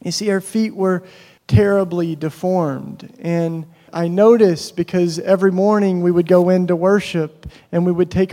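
A man giving a personal storytelling talk at a faith gathering, animated and acting out the voices in his stories. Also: sits high. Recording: long hall reverb.

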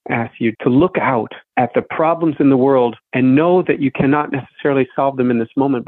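A man's voice: medium pitch, creaky, no echo. A male songwriter speaking reflectively in a radio interview, explaining his ideas. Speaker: songwriter guest. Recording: phone-line interview, dry.

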